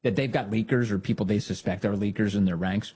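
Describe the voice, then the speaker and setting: A man hosting a political commentary show, mocking a news report in a sarcastic, animated way. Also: lowish voice, fast talker, husky.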